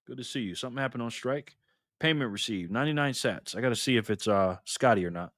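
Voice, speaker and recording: A man's voice: medium pitch, lively intonation, quick pace, fairly bright tone, no echo, studio quality. Laid-back man hosting a livestream. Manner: laid-back, calls viewers man and brother; loose, repeats and restarts phrases. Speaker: livestream host. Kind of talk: casual livestream chat, reading viewer comments aloud.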